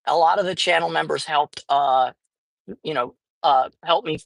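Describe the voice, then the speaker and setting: A woman's voice: low-pitched, moderate pace, creaky, no echo, rough recording. Rambling, cursing woman vlogging from a car. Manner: rambling, profane, many fillers. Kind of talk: casual chat while driving. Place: inside a car.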